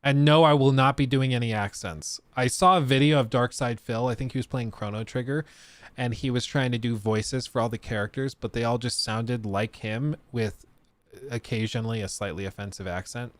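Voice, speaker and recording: A man's voice: mid-range voice, steady tone, normal speed, no room sound. A young man hosting a casual live stream, chatting with his viewers and laughing often. He breaks down technical details as he reacts. His voice is recorded close and dry, with no room sound.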